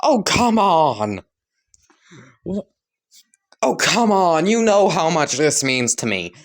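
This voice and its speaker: A man's voice: a little high, animated, measured pace. A man voicing a big male hero who whines and pleads in a fan story. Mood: whining. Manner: whining, pleading.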